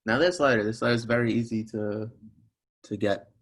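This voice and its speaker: A fairly low-pitched young man leads a recorded language lesson. He goes patiently through each sound, step by step, and repeats his examples so the listener can follow. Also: a little fast. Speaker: teacher.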